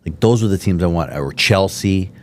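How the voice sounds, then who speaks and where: A podcast host from Miami with a very low voice. He tells his stories in a rambling, enthusiastic way, full of fillers and asides. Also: lively intonation, normal speed, a little hiss or hum. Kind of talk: casual interview chat.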